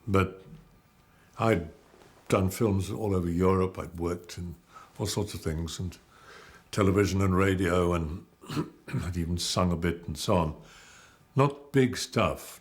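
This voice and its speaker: An older male actor being interviewed, telling measured, rambling anecdotes about his career. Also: deep voice. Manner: measured, anecdotal storytelling with digressions. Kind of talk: reminiscing interview.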